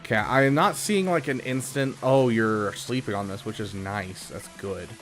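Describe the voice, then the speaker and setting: A man's voice: on the low side, moderate pace, soft background music. A man casually commenting on a live stream, thinking aloud with frequent fillers. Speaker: streamer reviewing game accounts.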